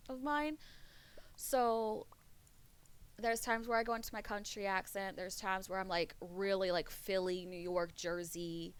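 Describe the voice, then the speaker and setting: A woman streaming a game, chatting casually with her viewers, brash and quick to swear. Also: mid-range voice, fairly bright tone, clear, resonant tone. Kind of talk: casual gaming stream chat.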